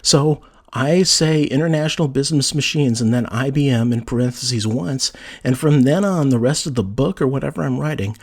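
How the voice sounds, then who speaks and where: Speaking at a moderate pace, this male writing teacher has a medium-pitched voice with a breathy edge. He teaches writing casually, talking conversationally and giving example sentences an emphatic read.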